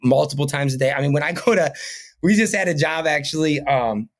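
The owner of a painting company, appearing as a podcast guest, talks casually in an interview, earnest and rambling. His voice is a little high and fairly quick, and he keeps ending sentences with "right?" and "you know what I mean?".

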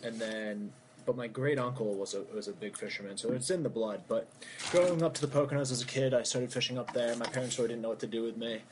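A man's voice: mid-range voice, fast talker, a little hiss or hum. A young man from Baltimore, a guest in a casual podcast interview, telling stories in an easygoing, rambling way with fillers. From Baltimore, USA.

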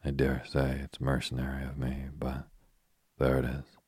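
A man's voice: very deep voice, monotone, darkish tone, breathy edge, dry recording, clean studio sound. A man reading the lines of a frank, spirited young woman who is restless and short of money, in a chatty, blunt manner. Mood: fretful. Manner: chatty and blunt, quick to exclaim.

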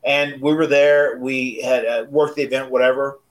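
A man in his forties telling a casual story on a podcast, animated and often repeating words as he restarts sentences. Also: mid-range voice, moderate pace, poor audio. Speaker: wrestler and podcast co-host.

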